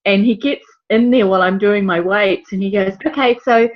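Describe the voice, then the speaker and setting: A woman's voice: medium pitch, fairly even intonation, moderate pace. A friendly woman with a foreign accent, joking casually on a team call. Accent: non-American accent. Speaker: team member. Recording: slightly dull lo-fi call audio.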